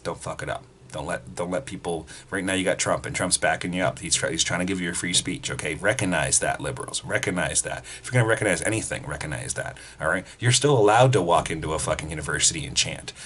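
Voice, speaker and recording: Low-voiced man ranting. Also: fast, fairly bright tone, slight background noise. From Canada. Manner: blunt, swearing freely, ranting. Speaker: political commentary vlogger. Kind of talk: casual profane commentary.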